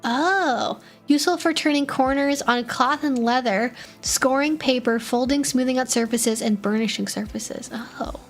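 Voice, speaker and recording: A woman's voice: high-pitched, measured pace, few pauses. Chatty woman streamer, faint music. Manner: chatty, reads chat aloud, frequent fillers and restarts. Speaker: stream host answering chat questions. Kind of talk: casual live-stream chat.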